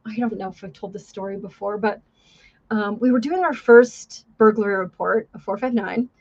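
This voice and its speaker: A woman hosts a casual livestream, telling stories in a chatty, profane and self-mocking way and reading out chat messages. Her voice sits a little high. The stream audio is dull and lo-fi. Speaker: livestream host, former police officer.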